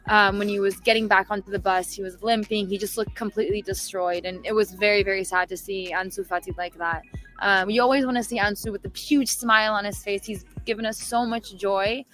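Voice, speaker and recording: A woman's voice: medium pitch, steady tone, brisk, a bit bright, faint music behind, rough recording. A woman co-hosting a casual live-stream chat, upbeat and chatty with many fillers. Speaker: co-host. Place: studio.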